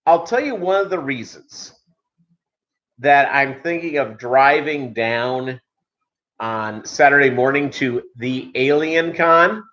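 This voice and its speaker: A man's voice: mid-range voice, a bit bright. Male channel host, rambling casual chat, lots of fillers, muffled recording. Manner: rambling, halting, many fillers and restarts. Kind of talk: casual live-stream chat. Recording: dull lo-fi audio.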